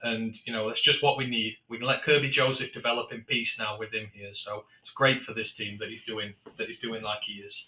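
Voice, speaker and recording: A man's voice: on the low side, little pitch movement, fairly quick, few pauses, sharp tone, reverberant, low-quality recording. A man joining a casual sports live stream as a guest, giving his views at length and in a thoughtful way. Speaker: podcast guest.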